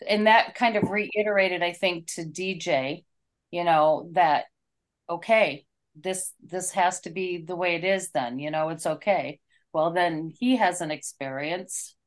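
A woman's voice: on the low side, unhurried. A woman co-hosting a casual talk, retelling a story in an earnest, heartfelt way.

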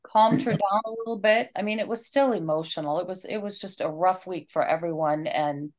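A woman's voice: lowish voice, brisk, a little mellow. A woman co-hosting a casual talk, retelling a story in an earnest, heartfelt way.

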